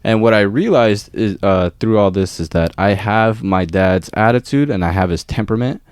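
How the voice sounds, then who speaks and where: A man's voice: fairly low pitch, moderate pace, clean tone, no echo, clean studio sound. A young man co-hosting a podcast, telling a work story in casual chat, swearing freely and acting out quotes. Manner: profane, animated storytelling with acted quotes. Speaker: podcast co-host.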